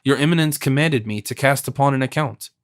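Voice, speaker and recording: A man's voice: mid-range voice, a little fast, natural voice. A man doing a meek, deferential manservant. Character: deferential male servant, a lackey.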